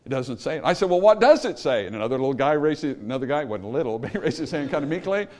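Animated Baptist preacher with lively pitch. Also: male voice, very fast. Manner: emphatic preaching, rising to loud peaks then dropping low; calls for amen from the congregation. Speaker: Baptist pastor. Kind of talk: sermon.

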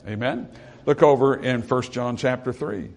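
This sermon comes from a man whose medium-pitched voice is a little mellow, speaking at normal speed. He reads scripture aloud and explains it conversationally, adding plain asides with fillers and building certain passages through repetition and rising emphasis.

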